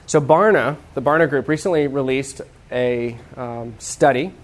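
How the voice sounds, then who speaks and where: A man's voice: mid-range voice, a little slow. A man preaching a sermon in a conversational, humorous way, with asides and restarts. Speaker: pastor.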